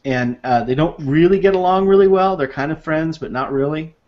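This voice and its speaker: A man's voice: on the high side, a little fast. A man chatting casually, telling anecdotes with frequent laughs and playful quoted voices. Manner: storytelling, laughs often, acts out quoted voices. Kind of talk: casual chat. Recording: dull lo-fi sound.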